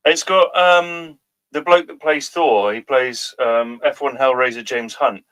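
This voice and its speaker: A man's voice: mid-range voice, unhurried, a bit bright, smooth. A man co-hosting a comedy show, bantering casually with hesitant ums. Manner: hesitant, full of ums, laughs easily.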